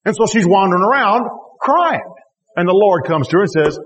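A man's voice: high voice, a little fast, long reverb tail. A man preaching a sermon, reading scripture aloud and then exhorting animatedly with emphatic rhetorical questions. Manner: animated, rising to emphatic exclamations.

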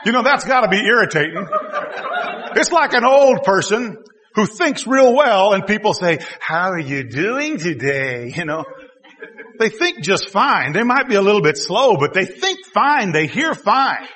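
A man preaching a sermon, telling the story in a folksy way and swinging from quiet asides to loud exclamations. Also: high voice, very animated, normal speed. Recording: long hall reverb.

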